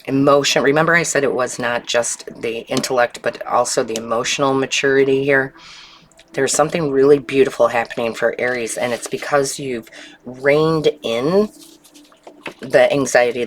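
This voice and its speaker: A woman giving an intuitive tarot reading in a calm, unhurried way, often checking in with the listener. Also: a bass voice, a little hiss or hum. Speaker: tarot reader.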